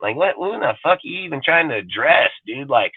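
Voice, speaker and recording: A man's voice: on the high side, sing-song, a little fast, husky, dry recording, phone-quality sound. A man hosting a live fan show, ranting aggressively in casual talk and swearing constantly. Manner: aggressive, heavy swearing, mimics people mockingly. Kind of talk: profane casual rant.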